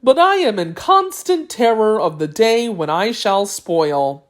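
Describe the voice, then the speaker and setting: A woman's voice: medium pitch, big pitch swings, a little slow. A woman voicing a timid, humble pumpkin-headed man in a storybook reading, with an anxious, sighing manner.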